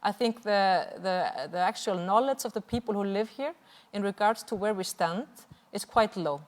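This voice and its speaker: Icelandic woman activist at a seminar, fervent but halting, mid-pitched, long hall reverb. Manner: earnest, impassioned, with frequent hesitations. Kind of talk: seminar presentation with slides. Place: large hall at a cultural venue.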